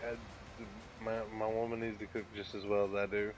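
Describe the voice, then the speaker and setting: A man's voice: lowish voice, level tone, a little fast, poor audio. Dry-spoken man chatting over game music. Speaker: co-player on stream. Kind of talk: casual chat while gaming.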